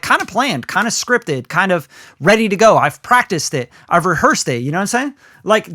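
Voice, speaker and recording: A podcast co-host chats loosely and animatedly, acting out little scenes and swearing without a second thought. His bright, forward voice sits a little high for a man, and the sound is close and dry with no room sound.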